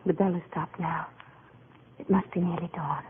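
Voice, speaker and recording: An actress playing a gentle, earnest young woman in a 1940s radio play, speaking softly. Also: a little high, expressive, moderate pace, natural voice. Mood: tender. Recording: tinny old radio broadcast with hiss.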